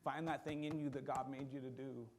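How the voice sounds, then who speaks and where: A man preaching a sermon in a church, talking in a conversational, animated way and acting out quotes along the way. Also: medium pitch, fairly quick, a little hiss or hum. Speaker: pastor.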